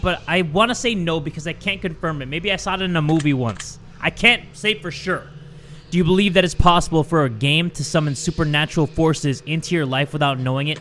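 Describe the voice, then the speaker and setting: A chatty young man with a bright, higher voice answers a game's questions with jokey candor. A faint hiss of room noise sits behind him. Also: expressive, brisk. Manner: chatty, candid, joking. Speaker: gaming YouTuber. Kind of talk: casual let's-play commentary.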